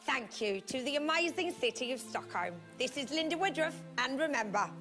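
A woman's voice: sits high, lively intonation, moderate pace, a bit bright. A woman playing a clueless, chirpy, self-important Eurovision spokesperson in a comic mock travel report. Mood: bumbling. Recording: music playing underneath.

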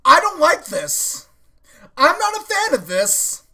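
Lively, swearing woman reacting loudly. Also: extremely high pitch, slow pace. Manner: loud, swearing, repeats "no" and "nah" in bursts; shouts and yells when upset. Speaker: anime reaction channel host. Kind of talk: live reaction commentary.

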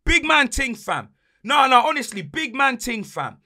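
Young man, angry football rant, high voice, bright tone. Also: big pitch swings, normal speed. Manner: angry, ranting, heavy slang. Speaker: podcast host and football fan. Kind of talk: heated fan rant.

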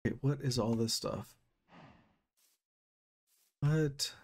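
With a medium-pitched, gravelly voice and a slow delivery, a young gaming YouTuber commentates his Minecraft let's play. He's easily startled, gasping and exclaiming often, and game music plays behind him.

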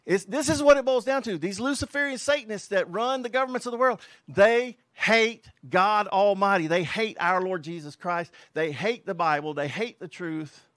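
A man preaching a fiery, emphatic sermon as a pastor and quoting scripture forcefully. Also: high-pitched, moderate pace, few pauses, no room sound.

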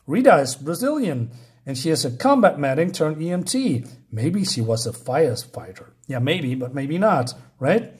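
A man's voice: on the high side, a little mellow. A man giving a mocking, sarcastic review of a comic book.

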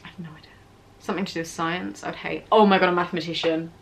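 A young vlogger from England, British accent and all, answers viewer questions in a chatty, rambling, self-mocking way, recorded on a tripod camera with a ring light. She talks fast in a low-leaning, gravelly voice with fairly even intonation, over slight background noise.

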